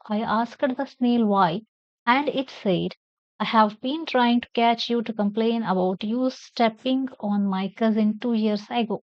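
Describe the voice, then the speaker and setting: This is a woman, teaching a lesson from a play and putting each line into simpler words. Her voice sits a little high. The recording is dry and somewhat muffled. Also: a little mellow, no echo. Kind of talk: classroom lesson explaining a play. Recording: dull lo-fi sound.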